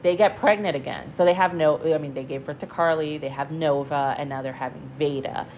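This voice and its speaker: A young woman with a low voice gossips casually, swearing freely and circling back with fillers and restarts. Her delivery is loose and conversational, like a commentary vlog. Faint background noise sits under her voice. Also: steady tone, fairly quick, darkish tone, lo-fi sound. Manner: chatty, profane, frequent fillers and restarts. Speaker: commentary vlogger.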